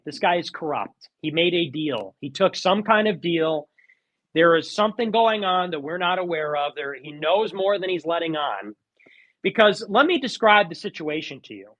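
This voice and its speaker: A man with a high, bright, sharp-edged voice ranting in a live audio chat. His talk is sarcastic and mocking, with sudden theatrical outbursts. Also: muffled recording. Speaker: streamer.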